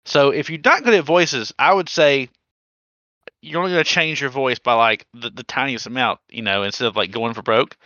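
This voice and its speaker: A man's voice: mid-range voice, moderate pace, pushed and bright, dry recording. A man co-hosting a podcast in casual chat, joking, mocking himself and giving advice. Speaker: podcast co-host. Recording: slightly dull lo-fi sound.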